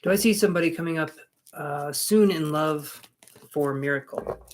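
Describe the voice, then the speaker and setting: Man, slightly high voice, live-stream tarot reader, rambling, self-deprecating. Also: normal speed, a little hiss or hum. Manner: rambling, self-mocking, chatty.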